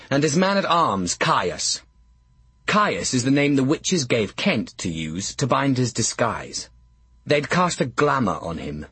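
A man's voice: mid-range voice, husky, no room sound. A man narrating an audiobook with character voices, in a dry, wry way.

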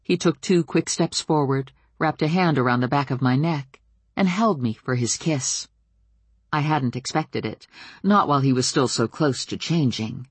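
Woman audiobook narrator, husky, wry and expressive, dry close read. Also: sits low, normal speed, no room sound. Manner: wry, expressive storytelling with lively voiced dialogue. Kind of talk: first-person novel narration.

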